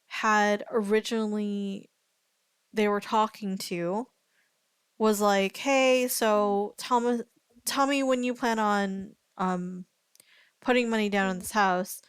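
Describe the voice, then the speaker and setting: A woman's voice: on the high side, smooth, no echo, clean studio sound. A woman streamer chatting casually, thinking aloud and greeting her chat viewers. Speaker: streamer reacting to a story video.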